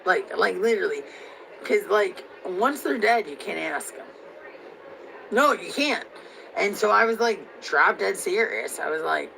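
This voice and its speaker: A woman's voice: mid-range voice, lively intonation, a little slow, gravelly, bright, forceful tone, slight background noise, low-quality recording. A young woman from Missouri in a heated, profane, rambling rant, stacking up fillers as she vents. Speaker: vlogger.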